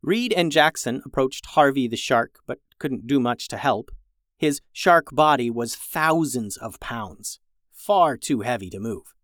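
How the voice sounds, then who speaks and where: A children's story podcast host reading a story aloud in a lively way, changing pitch for the characters. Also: unhurried, dry recording, studio quality.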